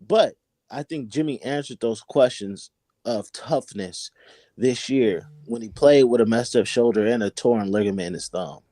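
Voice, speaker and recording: A man's voice: medium pitch, warm tone, no room sound, studio quality. A man calling in to a sports talk show, giving emphatic opinions and often repeating words as he builds a point. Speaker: call-in guest on a sports podcast.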